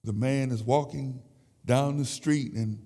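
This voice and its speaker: A man in his sixties giving an emotional, halting sermon testimony in a church sanctuary. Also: medium pitch, fairly even intonation, mellow. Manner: emotional, halting with repeated words. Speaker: church speaker. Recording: echoey church hall.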